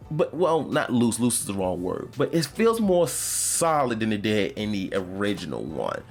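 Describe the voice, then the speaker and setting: A man's voice: on the low side, sing-song, normal speed, few pauses, darkish tone, soft background music. A man hosting his own podcast, chatting casually and rambling about a video game, with lots of fillers and restarts. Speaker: podcast host. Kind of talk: casual gaming chat.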